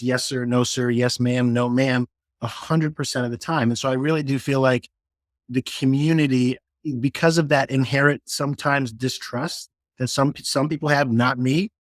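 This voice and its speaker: A middle-aged man from Florida, a guest on an interview, telling personal stories in a casual, animated way and acting out the dialogue. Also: mid-range voice, no room sound, studio quality. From Florida, USA. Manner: animated storyteller who acts out quoted dialogue, frequent restarts.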